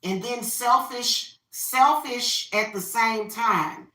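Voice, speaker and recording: A woman's voice: on the high side, slow pace, sharp tone, recorded from a distance. A woman venting her opinions in a casual rant while she carves a pumpkin. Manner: opinionated, venting, repeats herself. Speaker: spiritual reader and vlogger. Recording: roomy echo, voice off-mic.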